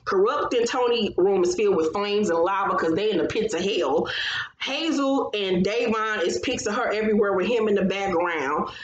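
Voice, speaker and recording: Woman, casual recap host; profane, sassy, mid pitch; roomy echo, light background noise. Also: normal speed, highs cut off. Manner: blunt, profane and sassy, acting out reactions. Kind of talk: casual chat.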